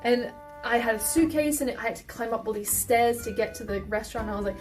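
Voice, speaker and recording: A woman streamer chatting casually while she cooks, animated and swearing often. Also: a little high, fast talker, soft background music. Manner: animated, swearing, exclaiming in pain. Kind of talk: casual cooking stream chat.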